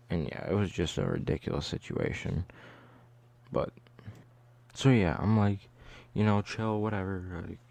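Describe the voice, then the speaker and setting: A young man tells a story in a casual vlog style, with a low voice and a mellow, relaxed tone. He talks in a loose, chatty way and fills his sentences with "like". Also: no room sound. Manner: loose, chatty, heavy use of "like". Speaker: vlogger.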